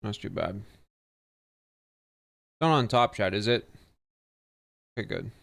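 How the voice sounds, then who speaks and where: A male streamer chatting loudly, rambling and swearing while fixing something live. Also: fairly low pitch, slow pace, creaky.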